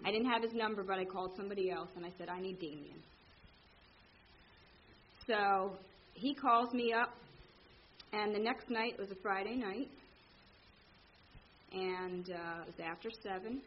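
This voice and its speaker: A woman telling her recovery story to a meeting, candid and animated, acting out the people in it. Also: medium pitch, moderate pace, long pauses, lo-fi sound, a little hiss or hum. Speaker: speaker sharing at a recovery meeting. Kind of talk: personal story told to a meeting.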